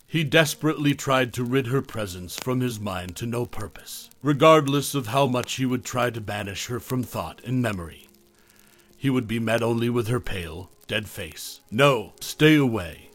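A man reading a scripted horror story in a measured, dramatic way. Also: medium pitch. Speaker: horror podcast narrator.

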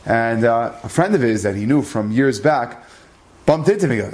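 A man's voice: mid-range voice, animated, moderate pace, darkish tone. A man telling a religious story as a lesson, earnest, acting out the dialogue and using Hebrew terms.

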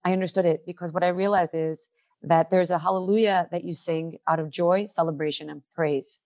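A middle-aged woman leading a workshop, speaking earnestly and emotionally and slowing down to stress her key points. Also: lowish voice, fairly even intonation, darkish tone. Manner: emotional, earnest, slows down for emphasis. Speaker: workshop leader. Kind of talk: heartfelt inspirational talk.

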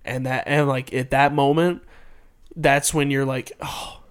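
A man's voice: mid-range voice, fairly even intonation, unhurried, clear, resonant tone. A man co-hosting a casual podcast, talking eagerly and with feeling. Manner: enthusiastic, gushing, breaks into movie impressions. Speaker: podcast co-host. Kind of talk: casual chat.

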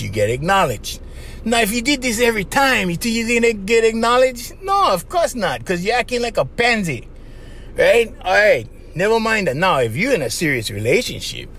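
A man hosting a podcast, giving casual advice in an animated monologue, laughing often and acting out little voices. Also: high-pitched, husky. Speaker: podcast host.

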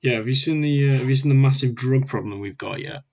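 A man co-hosts a podcast over a remote call, trading sarcastic, teasing banter. His voice sits at an ordinary male pitch. The call audio sounds dull and lo-fi. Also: quick pace, a little mellow. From Wales. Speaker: podcast co-host. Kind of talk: casual chat. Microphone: remote call mic.

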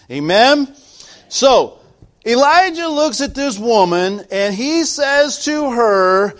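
A man pastor preaching a sermon, swinging from quiet asides to shouted peaks, often restarting his sentences. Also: very high-pitched, big pitch swings, slow pace.

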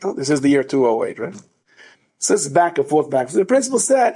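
Animated high-voiced man telling a story. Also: fast talker, breathy edge. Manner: animated, builds to near-shouting emphasis. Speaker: rabbi and storyteller. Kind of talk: inspirational storytelling talk.

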